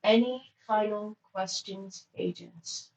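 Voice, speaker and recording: A woman voicing a flat monotone attendant. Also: mid-range voice, slow, gravelly. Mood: formal. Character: monotone attendant briefing agents. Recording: roomy, distant mic.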